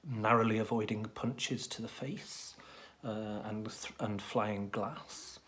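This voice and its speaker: A man giving a deadpan comic monologue as a mock professor, hesitant and rambling with many ums and restarts. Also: fairly low pitch, slow, slight background noise. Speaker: comic presenter playing a professor.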